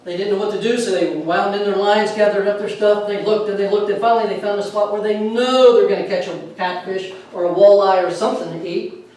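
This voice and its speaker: Lively woman telling jokes in an echoey room. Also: mid-range voice, a little fast. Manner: lively, chuckles at her own punchlines. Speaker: storyteller. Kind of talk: telling humorous stories. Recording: echoey room from far off, faint noise.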